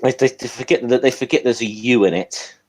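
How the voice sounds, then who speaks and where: A man's voice: mid-range voice, fairly quick, darkish tone. A man with a Hampshire accent chatting casually on a call, joking and self-deprecating. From Hampshire, England.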